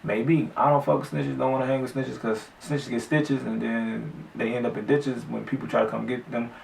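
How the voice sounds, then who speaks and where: A man's voice: mid-range voice, flat delivery, normal speed, vocal fry, far from the mic, a little hiss or hum. A man vlogger telling a story casually, in slangy, profane speech with many restarts. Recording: echoey room, off-mic.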